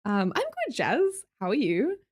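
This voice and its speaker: A woman with an Australian accent chats casually to her live-stream viewers, reading their messages aloud. Her voice sits a touch high and swings widely in pitch. She laughs often and trails off into restarts. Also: huge pitch swings, measured pace, darkish tone, slightly rough.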